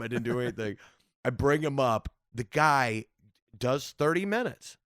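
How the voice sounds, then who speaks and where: Male comic guest, mid-pitched, lively storyteller who does voices, dry close mic. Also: a little fast, no room sound. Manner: animated, acts out voices in his anecdotes. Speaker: comedian guest. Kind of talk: casual storytelling.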